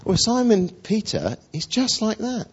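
A man preaching a lively storytelling sermon, chatty, acting out the voices of the people in his story. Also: high-pitched, a little slow, husky. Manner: animated, acts out voices of figures, conversational. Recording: dull lo-fi recording.

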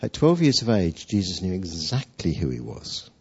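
A man's voice: low-pitched, very animated, normal speed, vocal fry, a little mellow, breathy edge. A male preacher giving a sermon, telling a story in a chatty way full of rhetorical questions. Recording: dull lo-fi sound.

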